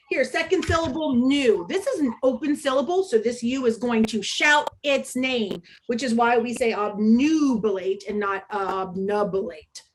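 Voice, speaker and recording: Lady running an online teacher workshop, slightly high voice, chatty, lots of ums, video call sound. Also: slight background noise. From United States. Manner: upbeat, chatty, with frequent ums. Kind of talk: interactive online teaching demo.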